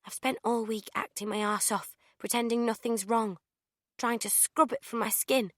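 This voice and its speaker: A woman's voice: a little high, fairly even intonation, normal speed, a bit bright, dry recording, clean studio sound, voice pushed up. Woman reading as a distraught young woman. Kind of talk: audiobook character voice.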